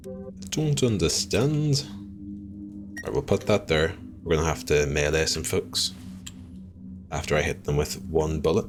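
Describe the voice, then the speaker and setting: A man streaming a game live, chatting with viewers, swearing freely and reacting loudly to what happens on screen. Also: rumbling low, a little slow, long pauses, over music. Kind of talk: live gameplay commentary.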